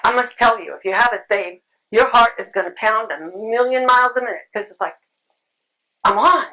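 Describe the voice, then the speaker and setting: A woman's voice: fairly high pitch, a little fast, bright, forceful tone, rough recording. A woman giving a conversational talk at a convention, repeating phrases and saying um often. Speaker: convention speaker. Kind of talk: conference talk. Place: convention room.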